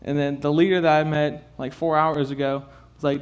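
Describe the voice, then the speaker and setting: A young man with a tells his own story to a youth crowd, his voice sitting a little high. He talks haltingly, stacking fillers and nervous laughs, and sounds close to tears. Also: little pitch movement. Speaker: youth speaker giving a testimony. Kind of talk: personal testimony to a youth group.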